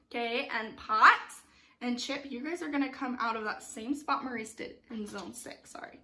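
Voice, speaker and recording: A woman with a high, bright voice leads an online youth theater class. She talks her students through the blocking in an upbeat, instructive way and keeps checking that they follow. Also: moderate pace. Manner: upbeat, instructive, frequent "okay?" check-ins. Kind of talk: online class giving stage directions.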